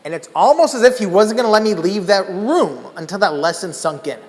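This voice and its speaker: A man from Los Angeles telling an animated story in a keynote talk, acting out the people in it. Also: high-pitched, brisk. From Los Angeles, USA. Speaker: keynote speaker. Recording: echoey conference hall.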